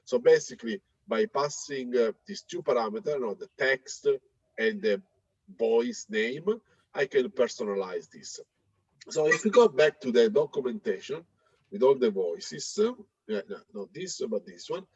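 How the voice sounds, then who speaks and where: Guy walking thru a software demo, husky voice, lots of uhs, dry muffled lo-fi mic. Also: medium pitch, very animated, moderate pace, dry recording. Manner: hesitant, many fillers and restarts. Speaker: presenter demonstrating software. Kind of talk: live tech demo talk.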